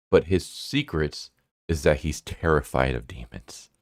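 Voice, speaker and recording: Casting: man with a very deep voice, rambling casual recap, dry close sound. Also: lively intonation, unhurried, no echo. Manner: rambling, many fillers like "like". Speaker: manga reviewer.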